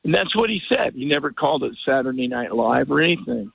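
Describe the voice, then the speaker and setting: An older man with a deeply gravelly, husky voice tells a winding story as a radio guest. He keeps slipping into the voices of the people in it. The sound is dry and thin, coming down a phone line. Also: quick pace. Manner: rambling, animated storyteller who acts out quotes. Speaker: guest musician. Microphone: telephone.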